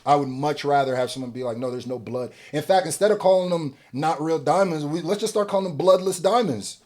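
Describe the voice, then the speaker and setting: A man hosting a music reaction video, casually commenting and swinging from quiet musing to loud, excited rants. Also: a little high, a little fast.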